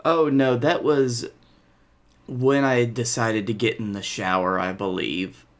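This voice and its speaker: Podcast co-host: man, mid-pitched voice, laid-back and joking. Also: fairly even intonation, a little slow. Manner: laid-back, jokey, swears freely. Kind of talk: casual chat.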